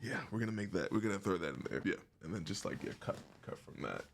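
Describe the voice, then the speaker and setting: A man's voice: sits low, lively intonation, quick pace, gravelly, noisy background. A man talking to camera in a casual vlog, rambling and jokey, swearing freely and breaking into laughs. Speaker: YouTuber.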